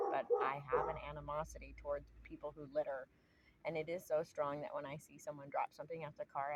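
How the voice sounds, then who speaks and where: Low-voiced woman, earnest rambling talk. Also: a little hiss or hum, rough recording. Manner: earnest, rambling, many fillers. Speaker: astrology channel host. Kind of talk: casual spiritual talk to camera.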